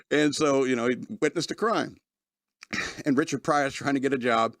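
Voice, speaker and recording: A man's voice: medium pitch, fairly bright tone, no room sound, clean studio sound. A man hosting a podcast, casually reviewing a movie, rambling with lots of fillers and often laughing as he retells scenes.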